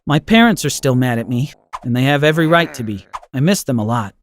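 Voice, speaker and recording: A male text-to-speech voice reading a first-person story with an even, expressive delivery. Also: medium pitch, fast talker, slight background noise. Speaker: story narrator.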